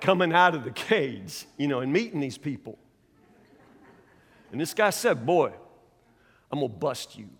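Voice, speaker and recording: A man preaching a sermon, telling a folksy story with animated, loud bursts and saying y'all. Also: mid-range voice. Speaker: pastor. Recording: long hall reverb.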